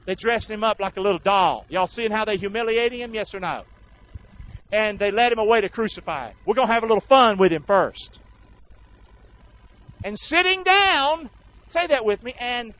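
A man's voice: high-pitched, fairly quick, a bit bright. A male preacher, delivering a sermon in call-and-response style and acting out the crowd and soldiers. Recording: dull lo-fi sound.

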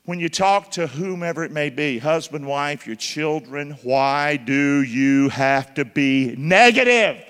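Male pastor, high tense voice, emphatic call-and-response preaching, reverberant hall. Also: unhurried, few pauses, fairly bright tone, clear, resonant tone. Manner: call-and-response questions to the congregation; emphatic, spells words out letter by letter. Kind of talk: sermon. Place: church.

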